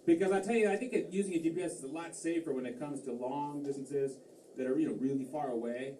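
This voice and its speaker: A Massachusetts man performs stand-up on a comedy club stage, talking fast in a mellow voice on the high side. He rambles and mocks himself, with plenty of fillers and restarts; the distant, roomy recording carries faint crowd ambience and a little hiss or hum.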